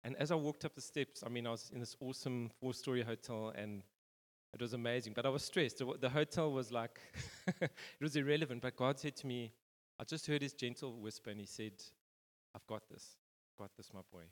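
Male pastor, loose conversational preaching, mid-pitched voice, long church-hall echo. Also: a little fast. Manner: rambling, informal, many fillers and restarts. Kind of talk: conversational sermon.

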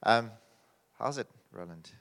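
A man's voice: on the low side, lively intonation, measured pace, creaky, fairly bright tone. British male preacher, joking and loose, fillers and restarts, reverberant church hall. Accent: British English. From United Kingdom. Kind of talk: sermon.

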